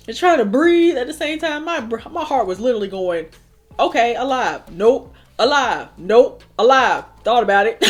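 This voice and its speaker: A young woman telling a wild storytime while doing her makeup, swearing and laughing as she goes. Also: high-pitched. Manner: animated, swearing, laughing often. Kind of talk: casual storytime chat.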